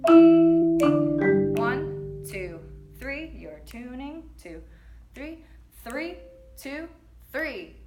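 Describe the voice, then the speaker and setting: A woman's voice: high voice, big pitch swings, drawn-out words, long pauses, echoey room, music in the background. Upbeat woman teaching timpani rhythms. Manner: upbeat and breezy, counts and sings rhythms loudly. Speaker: percussion teacher. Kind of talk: music lesson, counting rhythms aloud.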